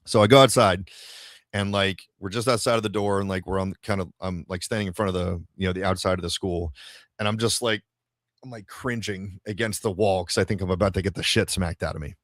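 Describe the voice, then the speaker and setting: Man, deep low voice, casual rambling storyteller, podcast host, lots of fillers, swears freely, dry close sound. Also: fairly even intonation, brisk, fairly bright tone, no echo. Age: adult father of a toddler. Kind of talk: casual storytelling to a live audience.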